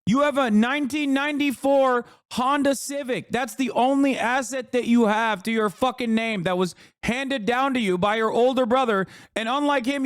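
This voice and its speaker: Man, 30s, political rant, combative, mocking, profane, highish pitch, dry sound. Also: moderate pace, hardly any pauses, clear, resonant tone, dry recording. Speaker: political streamer.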